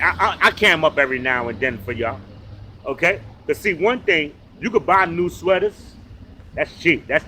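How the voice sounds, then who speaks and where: Man, taunting confrontational rant, fairly high voice, faint noise behind. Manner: taunting, loud and mocking. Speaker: online commentator in a played clip.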